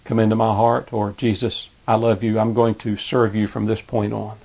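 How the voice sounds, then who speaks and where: A gravelly male preacher delivers a radio sermon in a fervent, repetitive cadence. His voice is captured on a dull, lo-fi broadcast recording. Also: lowish voice, level tone, moderate pace, a little mellow.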